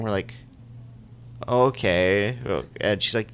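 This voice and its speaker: A man with a bright, forward voice spins a loose story among friends. He rambles, laughs along and scatters "like" through his casual chat. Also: fairly low pitch, normal speed, smooth. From Winnipeg. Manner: rambling, laughing, many "like" fillers. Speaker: storyteller on a podcast.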